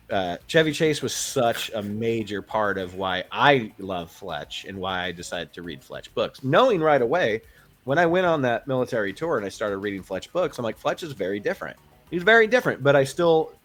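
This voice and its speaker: A man co-hosting a film podcast, talking casually and rambling with many fillers. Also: on the low side. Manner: relaxed, rambling, many ums and uhs. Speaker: podcast co-host. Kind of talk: casual film review chat.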